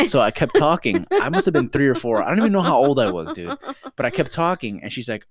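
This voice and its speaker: A young man co-hosts a casual podcast and tells stories with animated energy, swearing and saying "dude" often. His pitch swings widely from phrase to phrase. The sound is dry and close, with no room echo. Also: quick pace. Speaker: podcast co-host. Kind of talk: casual chat, storytelling.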